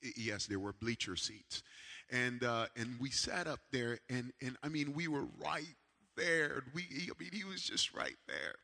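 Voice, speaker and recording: A man preaching a sermon with a personal story, animated, swinging from loud calls to hushed asides. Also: mid-range voice, measured pace, gravelly, in a large hall. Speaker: pastor.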